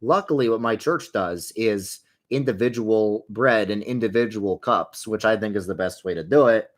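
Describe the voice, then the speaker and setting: A man's voice: on the low side, moderate pace. A young man hosting a casual livestream, answering viewer questions while he plays a game, rambling along with wry, sarcastic asides.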